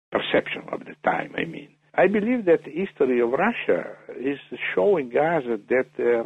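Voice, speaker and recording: Man, gravelly husky voice, halting with fillers, tinny dry phone line. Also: medium pitch. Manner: hesitant, many fillers and restarts. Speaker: interview guest. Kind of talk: phone interview.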